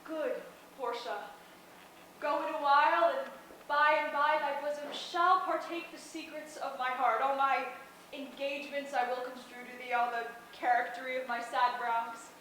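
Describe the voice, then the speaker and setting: A woman playing Brutus, a troubled and gentle Roman lord in an outdoor stage play, speaking in a weary, tender way. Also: high-pitched, fairly even intonation, moderate pace, slight background noise. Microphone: far camera. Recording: distant, echoey open-air stage recording.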